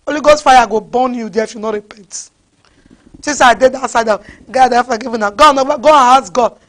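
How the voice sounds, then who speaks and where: A woman's voice: fairly high pitch, brisk, a bit bright. A woman with a Nigerian accent preaching a fiery sermon, scolding her listeners with repeated rhetorical questions.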